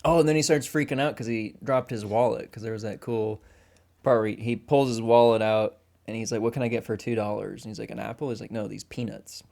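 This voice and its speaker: A man's voice: lowish voice, fairly even intonation, a little fast, creaky, darkish tone. A man co-hosting a film podcast, chatting casually and animatedly, acting out quoted lines and swearing often. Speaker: podcast co-host.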